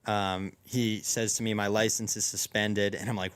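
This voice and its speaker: A man's voice: on the low side, steady tone, moderate pace, few pauses, clean tone. A young man casually telling a long story among friends, rambling with lots of restarts and fillers. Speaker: podcast co-host.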